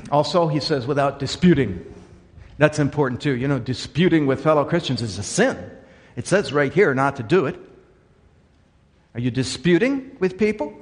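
A man preaching a sermon in an earnest way, dropping to quiet asides and then rising to emphatic points. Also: fairly high pitch, lively intonation, moderate pace, big-room sound. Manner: earnest, swings between quiet asides and emphatic raised lines. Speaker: pastor.

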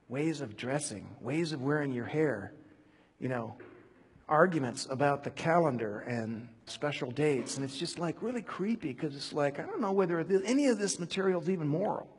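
Husky-voiced man preaching in a reverberant hall. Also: on the high side, normal speed. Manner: animated, digressive, with many fillers and restarts. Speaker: preacher teaching a Bible study. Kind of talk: conversational sermon.

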